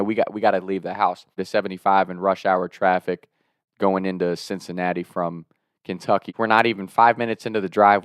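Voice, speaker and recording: A young man in his twenties telling a wild story in a casual, animated way, swearing and laughing as he goes. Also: sits low, clean tone, dry recording, clean studio sound. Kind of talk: casual spoken anecdote.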